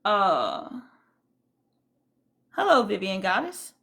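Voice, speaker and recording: A woman's voice: medium pitch, huge pitch swings, drawn-out words, sharp tone. A woman hosting a casual livestream, greeting viewers and giving indignant, rambling commentary full of fillers. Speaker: livestream host.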